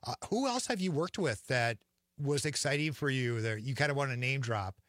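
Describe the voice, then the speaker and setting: Bright-voiced male interview host. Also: medium pitch, expressive, moderate pace, no room sound, clean studio sound. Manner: friendly, easygoing questions. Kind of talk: interview hosting.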